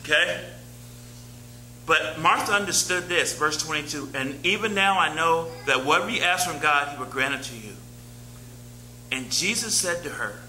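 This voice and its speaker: A man preaching from the pulpit, chatty and repetitive as he works through scripture. His voice sits very high and sounds sharp and bright. The room echoes around him, with a faint hum in the background. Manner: conversational preaching, repeats phrases, reads scripture aloud. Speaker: pastor. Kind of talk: sermon. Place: church sanctuary.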